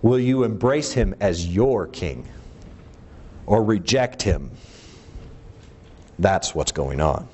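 A man's voice: sits low, expressive, slow pace, pauses often, a little mellow, a little hiss or hum. A middle-aged man preaching a sermon, emphatic, asking rhetorical questions and letting his voice rise and fall for emphasis.

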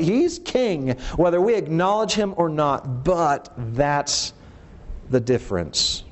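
A middle-aged man delivers a sermon in a slightly high voice. He presses his points with rhetorical questions and lets his voice climb and drop for emphasis. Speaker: preacher.

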